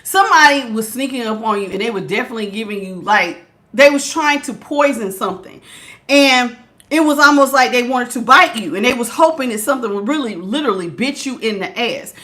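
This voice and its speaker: A woman giving a casual tarot reading at home, talking straight to her viewers in an animated, slangy way. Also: a little high, fairly quick. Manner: animated, talks straight to viewers with Southern-style slang and bursts of laughter. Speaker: tarot reader.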